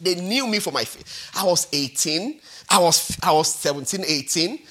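Lively husky-voiced male preacher. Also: high voice, normal speed. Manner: animated, repetitive, peppered with "all right?" and "hallelujah". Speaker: pastor. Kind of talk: sermon.

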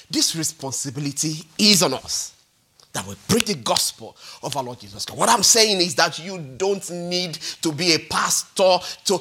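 A man in his forties preaching a sermon as pastor, animated and repetitive, often checking in with the congregation. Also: high voice, breathy edge. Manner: animated, repetitive, peppered with "all right?" and "hallelujah".

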